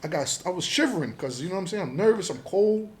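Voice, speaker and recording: A middle-aged man from Jamaica, telling his story as a podcast guest in an animated, profane way, acting out the dialogue. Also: sits high, quick pace. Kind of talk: casual storytelling interview.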